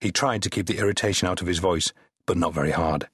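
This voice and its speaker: A male audiobook narrator with a wry, measured way of telling a story. His voice is low and husky, with a wide, lively pitch range. The recording is dry and close. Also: no echo. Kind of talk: scripted narration.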